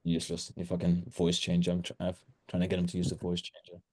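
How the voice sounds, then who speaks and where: A man's voice: low-pitched, completely flat delivery, fast talker, a little mellow, slightly rough. A man running an online sales training call, blunt, with crude teasing humor.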